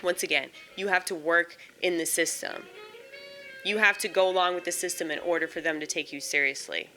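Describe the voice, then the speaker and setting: A woman's voice: lowish voice, fairly even intonation, brisk, pushed and bright, soft background music. A woman in a casual, blunt monologue, airing opinions and swearing freely.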